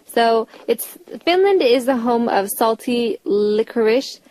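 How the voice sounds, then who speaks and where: A woman from Korea co-hosting a casual talk show, reading out facts with pauses and fillers. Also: on the high side, expressive, dark tone. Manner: reads notes with pauses and fillers, chatty. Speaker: radio show co-host.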